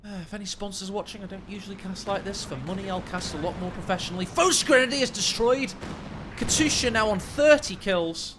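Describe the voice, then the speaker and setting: Casting note: male game caster, high and bright, jokey, rambling, bursts into shouts. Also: fast, few pauses, slight background noise. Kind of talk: excitable video game commentary.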